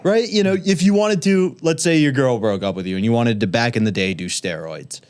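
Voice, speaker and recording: A man's voice: medium pitch, fairly quick, a little mellow, smooth, dry recording. A man on a comedy podcast, trading teasing banter and wandering into wild tangents. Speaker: podcast co-host. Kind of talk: casual comedic podcast chat.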